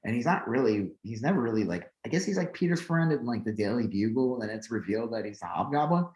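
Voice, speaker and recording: A man's voice: medium pitch, fast. Guy co-hosting a podcast, rambles a lot with likes and ums, roomy echo. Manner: rambling, filler-heavy, animated when excited. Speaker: podcast co-host. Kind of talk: casual chat. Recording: echoey room.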